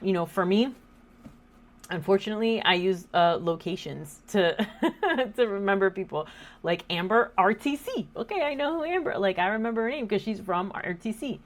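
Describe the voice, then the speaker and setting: A woman's voice: mid-range voice, animated, moderate pace. A woman in her thirties hosting a casual faith talk, chatty and joking, quoting scripture. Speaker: host.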